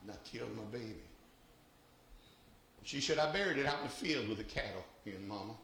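A man, preaching a sermon and telling stories, swinging from hushed narration to shouted exhortation. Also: mid-range voice, lively intonation, a little fast, roomy sound, slight background noise. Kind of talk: sermon with storytelling.

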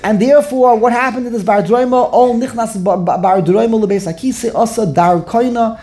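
A man teaching a Talmud class, animated and exclamatory, full of rhetorical questions. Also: very high-pitched, brisk.

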